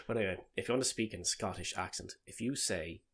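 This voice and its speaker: A man's voice: deep voice, brisk, a bit bright. A man, co-hosting a podcast in casual chat and telling stories with frequent laughter. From Ireland. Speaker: podcast co-host.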